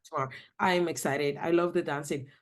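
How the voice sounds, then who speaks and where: South african woman chatting on a dance podcast, acts out what people said, lively. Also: low-pitched, brisk. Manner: animated storytelling with acted quotes. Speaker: podcast guest, dance teacher. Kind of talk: casual chat.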